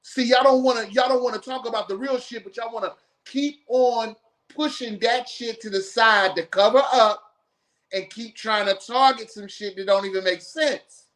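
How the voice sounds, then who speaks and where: A man's voice: very high-pitched, moderate pace, a bit bright. A man hosting a live podcast stream, ranting bluntly and profanely in heated commentary. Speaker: podcast host.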